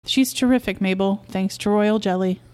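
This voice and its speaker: A woman's voice: mid-range voice, moderate pace, darkish tone, close to an everyday voice. A woman reading a story aloud, voicing a smug, pushy beekeeper husband who lectures his wife.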